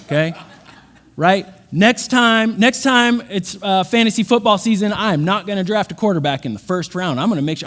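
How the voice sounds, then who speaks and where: A man, preaching a humorous sermon and telling stories with acted-out quotes. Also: high-pitched. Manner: animated storytelling with quoted voices. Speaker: pastor.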